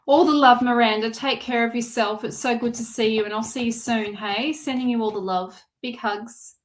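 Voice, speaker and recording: A woman's voice: a little high, steady tone, moderate pace, a little hiss or hum. A middle-aged woman giving live tarot readings to viewers in a reassuring way, often repeating her phrases and restarting sentences. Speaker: tarot reader.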